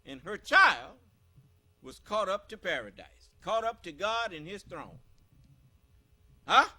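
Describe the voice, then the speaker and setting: American male preacher, high and bright, slow and emphatic, quizzes the congregation. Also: big pitch swings. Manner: emphatic, asks the listeners questions. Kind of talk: scripture teaching sermon.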